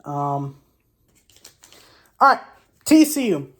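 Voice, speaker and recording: A woman hosting a casual sports commentary vlog. She trash-talks in an animated way, with loud exclamations, rhetorical questions and frequent restarts. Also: low-pitched, drawn-out words. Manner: frequent restarts and self-corrections. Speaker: sports show host.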